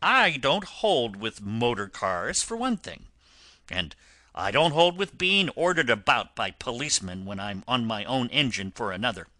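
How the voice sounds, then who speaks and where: A man's voice: mid-range voice, very animated, unhurried, pushed and bright, no room sound. A man voicing a stern but kind-hearted engine driver who talks firmly in an audiobook reading. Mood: kindly. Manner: firm, instructing. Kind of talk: audiobook character voice.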